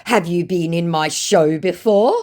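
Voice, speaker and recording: A woman's voice: on the low side, a little mellow, voice pushed up, lightly acted. Woman doing a begging old scammer man. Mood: pleading. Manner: broken English, slow, begging. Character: pleading older male romance scammer.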